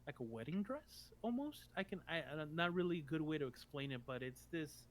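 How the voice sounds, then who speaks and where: A man's voice: fairly high pitch, very animated, fairly quick, slight background noise. A man narrating as game master for a tabletop game, rambling with many ums and restarts.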